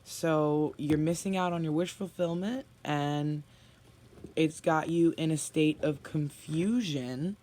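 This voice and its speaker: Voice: mid-range voice, takes it slowly, darkish tone. A tarot reader giving a spoken reading to viewers, blunt and emphatic, often sighing and sympathetic.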